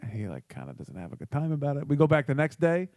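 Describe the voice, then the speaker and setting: A man's voice: fairly high pitch, wildly swooping pitch, quick pace, creaky, darkish tone, no room sound. A man co-hosting a podcast, teasing his partner and retelling stories in casual profane chat. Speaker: podcast co-host.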